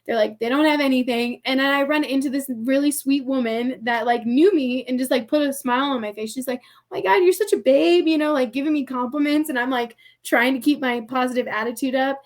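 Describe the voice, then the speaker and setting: A young adult woman telling a personal story as a podcast guest, chatty and animated, filling her speech with "like" and acting out quoted voices. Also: high voice, a little fast, few pauses. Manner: animated, heavy use of "like", acts out quoted voices. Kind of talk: casual storytelling.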